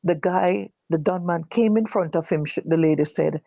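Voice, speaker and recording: An older Jamaican woman giving personal testimony, halting and correcting herself as she recalls what others said. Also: lowish voice, creaky, dark tone, no room sound, lo-fi sound. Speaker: guest telling her own story. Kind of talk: personal testimony told live.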